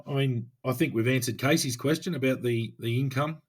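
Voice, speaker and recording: An Australian man, a police officer co-hosting a podcast, talking in an easygoing, thoughtful way with many filler pauses. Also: mid-range voice, husky. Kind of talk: casual chat.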